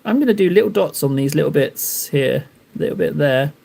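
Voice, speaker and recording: A man's voice: fairly high pitch, lively intonation, moderate pace, gravelly, warm tone, slightly rough. A man chatting casually on a live stream while painting miniatures, rambling and joking at his own expense. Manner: rambling, joking, self-mocking.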